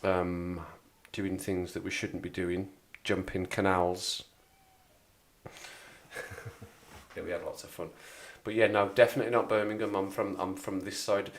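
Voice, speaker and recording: A livestream host from England's Black Country chats casually with his live chat in a local Black Country accent, rambling and repeating himself. His voice is low, level in tone, and unhurried.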